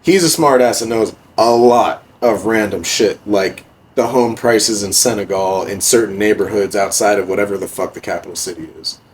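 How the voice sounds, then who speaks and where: Laid-back young man with a low voice. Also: normal speed, few pauses, slight background noise, rough recording. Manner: laid-back, heavy swearing, many fillers. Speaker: podcast guest, music producer. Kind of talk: casual storytelling.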